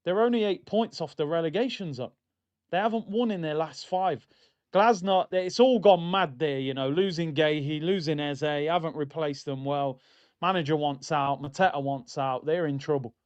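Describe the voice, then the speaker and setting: A man's voice: on the high side, normal speed, muffled recording. A man hosting a football watchalong stream, chatting in a casual, opinionated and slangy way and addressing his viewers as "people". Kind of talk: casual fan chat.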